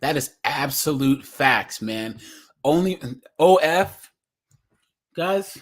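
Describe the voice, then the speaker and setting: Young west coast guy streaming, reacts and reads chat out loud, voice jumps around a lot, kinda high. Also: lively intonation, slow. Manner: chatty, laughing, reads chat comments aloud. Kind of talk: casual livestream commentary.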